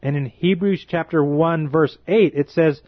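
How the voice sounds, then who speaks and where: An impassioned preacher man with a fairly high voice, stretching words out for weight as he warns his listeners. The sound is dry and a little muffled, like a close but lo-fi home recording. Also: no echo. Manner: impassioned, indignant, drawn-out emphatic phrases. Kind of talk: fervent preaching monologue.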